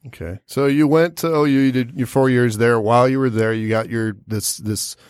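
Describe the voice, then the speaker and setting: A man hosting a podcast interview, asking long, relaxed, rambling questions. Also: mid-range voice, normal speed, smooth, no echo, studio quality. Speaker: podcast host. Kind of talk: casual interview.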